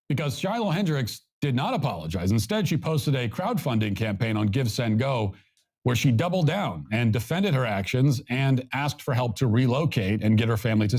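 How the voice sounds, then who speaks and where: A man delivering scripted commentary in a measured, pointed way, played as a clip. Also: mid-range voice, darkish tone.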